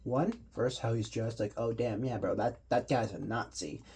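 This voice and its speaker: A man's voice: medium pitch, steady tone, moderate pace, a little mellow, breathy edge. A man giving loose, slangy commentary and explaining what he does while he plays a video game. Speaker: gaming commentator. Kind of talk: casual gameplay commentary.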